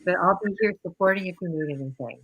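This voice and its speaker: A woman's voice: on the low side, fast talker, husky, poor audio. A woman organizing a live event who hands off to the host over a video call, speaking in an encouraging, supportive way. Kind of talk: warm introduction and handoff.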